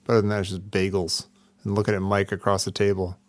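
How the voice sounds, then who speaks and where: A man's voice: deep voice, monotone, fast talker. A man in his thirties co-hosting a podcast, talking in a dry, self-deprecating way. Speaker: podcast co-host. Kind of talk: casual chat.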